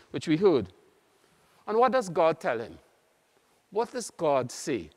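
A man with a Trinidadian accent, a priest preaching an earnest, measured sermon with many pauses. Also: a little high, huge pitch swings. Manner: earnest, measured, pausing often. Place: large church. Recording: long church reverb.

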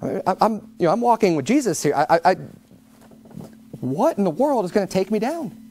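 A man's voice: high voice, big pitch swings, a little fast, darkish tone, slight background noise. A male pastor preaching a sermon in a conversational, emphatic way, often repeating words as he goes.

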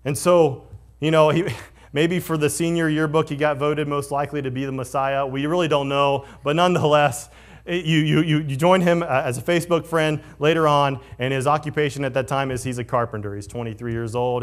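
Pastor guy preaching, chatty sermon, gets loud then goes quiet and solemn. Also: fairly high pitch, brisk. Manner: conversational preaching, swinging from excited to hushed and solemn.

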